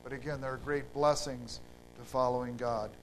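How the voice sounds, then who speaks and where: A man preaching a sermon in an unhurried, halting way, with fillers and restarts. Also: medium pitch, fairly even intonation, slight background noise, low-quality recording.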